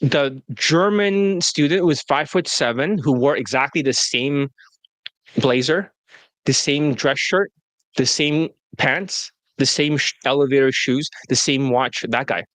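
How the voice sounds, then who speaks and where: A man's voice: mid-range voice, measured pace, a bit bright, no room sound. A man who is a dating coach hosting a casual interview, talking bluntly with lots of swearing and mockery. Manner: blunt, profane, mocking. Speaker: dating coach and show host.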